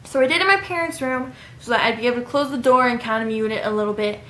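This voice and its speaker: A woman's voice: on the high side, racing, a bit bright. Chatty young woman vlogging advice. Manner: chatty, rambling, with frequent ums. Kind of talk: casual advice vlog. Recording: echoey room.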